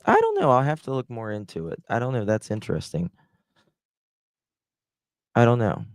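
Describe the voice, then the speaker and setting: A man hosting a casual live stream, rambling and hesitant, warmly thanking chat. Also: fairly low pitch, animated, moderate pace, clean tone, no room sound. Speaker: livestream host.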